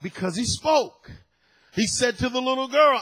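Male preacher, sermon, raspy voice, fairly high pitch, dramatic storytelling, repeats lines for emphasis. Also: very animated, unhurried. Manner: emphatic, repeats key phrases for effect; dramatic storytelling with sudden loud peaks.

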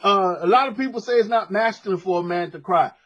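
A man's voice: high-pitched, quick pace, fairly bright tone, husky, highs cut off. A man preaching a sermon to a congregation in a church, emphatic and conversational, calling for responses. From United States.

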